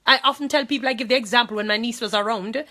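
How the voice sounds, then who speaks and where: A woman's voice: a little high, rapid-fire, sharp tone. A woman with a Jamaican accent, speaking to viewers in an impassioned monologue. She talks emphatically, repeats phrases and pleads, distressed and angry.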